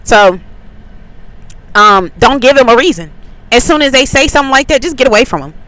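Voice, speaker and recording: Bright-voiced woman telling a story. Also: high voice, animated, brisk, no echo, poor audio. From Atlanta, USA. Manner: chatty storytelling with many likes and ums. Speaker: faith channel host. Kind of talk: casual spiritual testimony.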